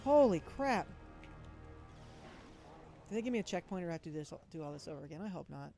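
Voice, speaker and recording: A man giving live gameplay commentary and chatting with viewers, reacting loudly to the action and dropping to soft mutters in between. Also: on the high side, racing, vocal fry, music in the background. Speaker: gaming streamer.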